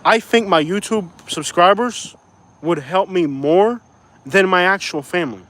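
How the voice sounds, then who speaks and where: A young adult man from Florida, a YouTuber reading his live chat, vents his frustration on a live stream in a casual rant. His voice is high-pitched and a bit bright at a measured pace, he says "bro" and "like" often, and he apologizes for swearing.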